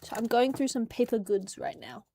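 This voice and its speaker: In her bedroom, a young New Zealand woman tidies while chatting casually on a livestream, drifting into rambles, hums, and nonsense-syllable singing. Her voice is fairly high with a dark tone and a moderate pace, and there's slight background noise.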